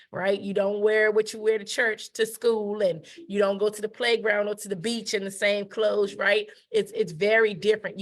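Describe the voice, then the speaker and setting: A woman giving a conversational etiquette lesson. She repeats her key points, checks in with "right?", and briefly acts out the people she quotes. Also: medium pitch. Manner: emphatic, repeats key phrases, asks "right?". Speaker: etiquette educator. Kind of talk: conversational teaching talk.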